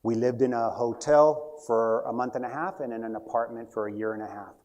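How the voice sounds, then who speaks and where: Guy telling a story in a short talk, adds side jokes, normal pitch. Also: fairly even intonation, a little fast, a little mellow, lo-fi sound. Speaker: speaker giving a short talk.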